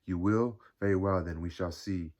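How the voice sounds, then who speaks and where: A man's voice: low voice, fairly even intonation, moderate pace, a little mellow, close to an everyday voice. A man reading aloud, voicing a tormented young man who confesses wearily and in despair. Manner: weary, despairing, ironic.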